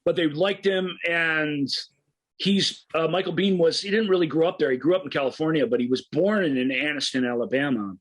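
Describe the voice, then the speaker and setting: A man's voice: on the high side, brisk, poor audio. A man co-hosting a film podcast, enthusiastically retelling scenes in a casual, rambling way with frequent restarts.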